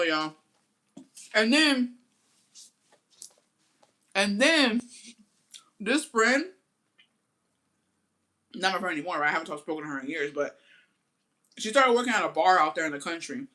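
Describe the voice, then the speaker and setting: A young woman from Texas telling a personal story in a casual, profane, slangy way. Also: on the low side. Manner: profane, slangy, animated retelling. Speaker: storytime vlogger.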